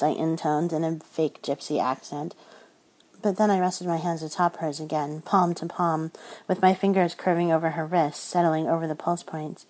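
A woman narrating a first-person romance audiobook in a soft, intimate storytelling manner. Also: low voice, steady tone, moderate pace, rough recording.

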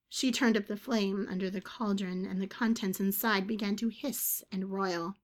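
A woman's voice: mid-range voice, level tone, normal speed. A woman hosting a podcast and reading a story aloud, her voice weak and fading in and out. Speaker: podcast host and story narrator.

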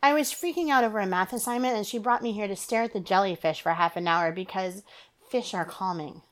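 A woman's voice: mid-range voice, a little fast, lightly acted. A sulky teen girl, as a woman narrator voices her. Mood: curious. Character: teenage girl, restless and quick-tongued.

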